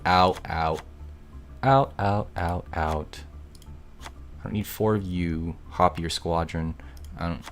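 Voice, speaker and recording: A young male streamer with a lowish voice chats through his game, excitable one moment and grumbling the next, with casual swearing thrown in. Faint music plays underneath him. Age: young adult. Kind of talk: live gaming stream chatter.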